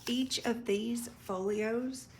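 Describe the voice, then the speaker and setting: Fairly high-pitched, steady, and a little mellow, this woman's voice comes with a bit of hiss or hum. She's an online craft seller giving a casual presale video on vintage paper and crafts, chatty and unhurried, describing items up close and tripping on foreign words.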